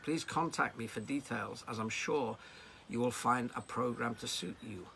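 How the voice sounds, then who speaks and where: A man from Liverpool, a riding coach, telling personal anecdotes in a lively, storytelling way. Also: mid-range voice, moderate pace, creaky, slight background noise. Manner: anecdotal, lively delivery with acted quotes.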